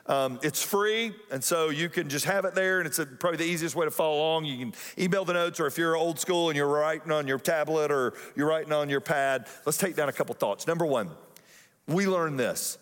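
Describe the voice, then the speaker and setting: A man with a high voice preaches to his congregation in a relaxed, joking way, drawing the crowd in with questions. His voice rings out with a long reverb in a church auditorium. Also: a little fast. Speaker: pastor. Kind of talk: sermon.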